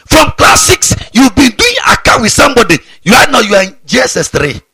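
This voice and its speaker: A male pastor preaches a scolding sermon, his raspy, breathy voice swinging widely in pitch. He sits a bit high for a man and repeats phrases for emphasis. The sound is dry, with no room echo. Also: huge pitch swings, brisk, bright, forceful tone. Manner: fiery, scolding, repeats himself. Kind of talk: sermon to students.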